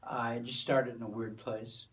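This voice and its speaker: A man giving a drum lesson, explaining crash patterns step by step in a relaxed way with plenty of fillers. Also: mid-range voice, moderate pace, very noisy. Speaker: drum teacher. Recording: voice from a distance from the mic. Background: drum kit and cymbals.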